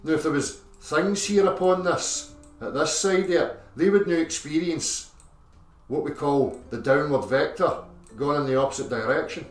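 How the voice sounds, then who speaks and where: A man's voice: on the high side, moderate pace. A man explaining a theory step by step in a lecture style, constantly checking in with "okay?" and "right?". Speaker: video presenter. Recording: echoey, distant clip with music.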